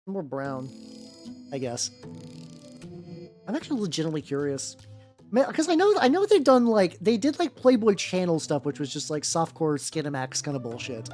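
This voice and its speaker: A miniature-painting streamer chatting casually and rambling through tangents while painting. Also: mid-range voice. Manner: rambling and animated, full of fillers and tangents. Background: faint background music.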